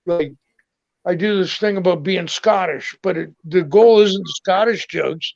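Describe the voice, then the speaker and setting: A man's voice: high voice, unhurried, gravelly, muffled recording. A man, a comedian guest, telling stand-up stories in casual chat and acting out the voices of people in them. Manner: storytelling, acts out quoted voices.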